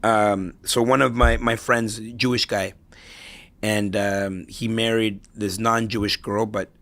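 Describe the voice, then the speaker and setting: Middle-aged man, gravelly creaky voice, casual interview guest, storytelling, ends points with "right?". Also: on the low side, level tone, unhurried, fairly bright tone. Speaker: interview guest, real estate investor.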